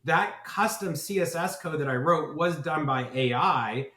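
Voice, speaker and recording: A man's voice: on the high side, unhurried, pushed and bright. Rambling, upbeat man in an echoey room. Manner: enthusiastic, rambling, with many "right?" tags. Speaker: guest, marketing agency founder. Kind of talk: podcast interview.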